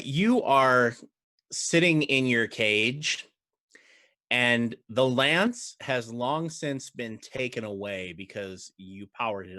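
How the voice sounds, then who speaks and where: A man's voice: on the low side, pushed and bright, no room sound, studio quality. A man narrating and running a tabletop game as dungeon master, friendly and describing each scene step by step.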